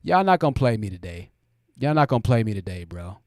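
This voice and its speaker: A man's voice: on the low side, sing-song, fairly quick, dry recording, studio quality. A man hosting a livestream, giving blunt commentary and talking straight to his chat. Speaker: host.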